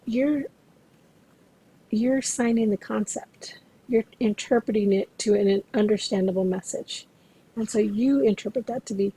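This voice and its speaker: Husky, gravelly-voiced woman instructor. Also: a little high, mellow, low-quality recording. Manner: explanatory, measured, addresses students directly. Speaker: interpreting instructor. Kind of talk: recorded lecture.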